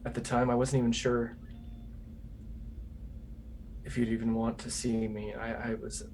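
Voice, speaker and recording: A man speaks as his character in a tabletop game, earnest and emotional in his words. His pitch stays in the middle and barely moves, with faint noise in the background. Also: level tone, a little slow, darkish tone, poor audio. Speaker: player.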